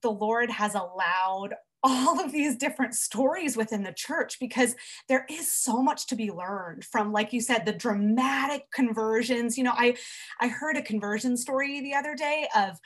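Earnest higher-voiced woman guest. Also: normal speed. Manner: earnest, warm storytelling with frequent restarts. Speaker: guest, children's author. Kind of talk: casual faith conversation.

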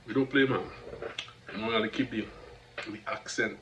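A man's voice: fairly low pitch, steady tone, fairly quick. A man with a Trinidadian accent, hosting his own podcast and giving a motivational talk, preachy and repetitive, often asking "you understand?". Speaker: podcast host. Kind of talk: motivational monologue. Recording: dull lo-fi recording with faint noise.

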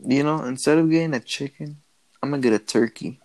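A man's voice: mid-range voice, a little fast, darkish tone, no room sound, rough recording. A young man in a casual podcast chat, making goofy offbeat remarks.

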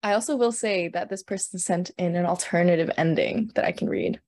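A woman's voice: on the low side, fairly quick, darkish tone, no echo. Young woman streamer reading spooky stuff, laughs a lot, dry close sound. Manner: giggly, chatty, reads with laughs. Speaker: stream host. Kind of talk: casual livestream chat and reading aloud.

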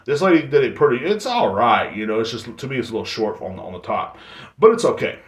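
Speaking fast and expressively at medium pitch, a man hosts a solo podcast in an echoey space. His casual monologue is a blunt, profane rant riddled with fillers and restarts.

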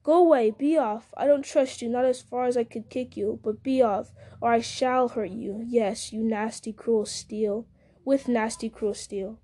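A woman's voice: a little high, fairly even intonation, slow pace, darkish tone, slightly rough. A woman doing Sam, a fierce, loyal young servant. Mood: scornful. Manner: urgent, scornful. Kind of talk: storybook reading.

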